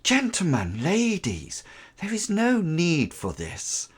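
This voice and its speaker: A game master voicing a softly spoken man who calms a tavern brawl with a gentle, lyrical voice he barely raises. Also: sits high, takes it slowly, slightly rough, voice pushed up, heavily acted. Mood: soothing.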